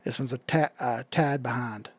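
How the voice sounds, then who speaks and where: Reading chat aloud and tossing in the odd swear word, a man hosts a crypto live stream, rambling in a laid-back manner while he charts. His voice is medium-pitched and steady, at a normal speed.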